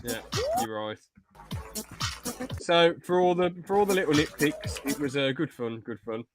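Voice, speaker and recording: A man's voice: on the high side, lively intonation, fairly quick, over music. A man co-hosting a podcast in casual reaction chat. He is laid-back, swears freely, and repeats himself while mildly nitpicking. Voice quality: swears freely, trails off into filler words. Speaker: podcast co-host.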